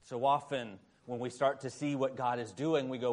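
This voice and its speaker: A man preaching a sermon as pastor, with a dramatic delivery that swings between loud emphasis and hushed asides. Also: medium pitch, fairly even intonation, normal speed.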